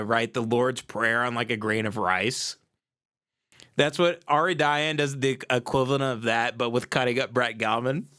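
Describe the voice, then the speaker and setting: A man's voice: medium pitch, pushed and bright, clear, resonant tone. A man hosting a comedy podcast, riffing in a rambling, profane monologue with restarts, on a sensitive mic with no windscreen. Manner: rambling, profane, with self-interrupting restarts and laughs. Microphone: sensitive mic without windscreen.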